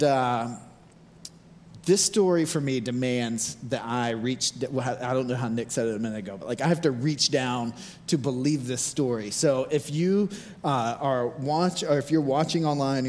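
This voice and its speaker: Pastor guy preaching super casual, lots of likes, mid voice, big echoey church. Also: mid-range voice. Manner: informal, animated, lots of "like". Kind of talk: casual conversational sermon.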